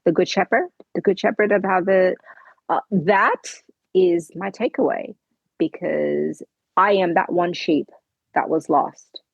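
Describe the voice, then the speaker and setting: Aussie woman, lowish voice, a bit husky, dry sound, telling her story all earnest. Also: a little slow, no echo, lo-fi sound. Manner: earnest storytelling, acting out dialogue. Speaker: podcast guest. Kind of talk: conversational interview.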